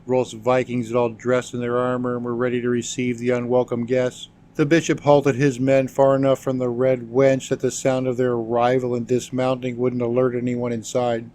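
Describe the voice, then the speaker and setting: A man narrating an audiobook in a steady, even delivery. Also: mid-range voice. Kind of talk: scripted narration.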